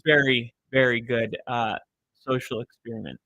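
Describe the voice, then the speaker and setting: A man's voice: medium pitch, sharp tone, no echo. A young man live streaming, chatting casually with viewers, rambling and swearing as he reads the chat.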